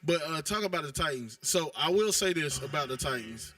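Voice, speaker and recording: A man's voice: a little high, lively intonation, brisk, a bit bright, no echo, distant mic. A man co-hosting a casual basketball talk show, rambling and exasperated, heavy on slang. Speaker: podcast co-host. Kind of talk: casual sports chat.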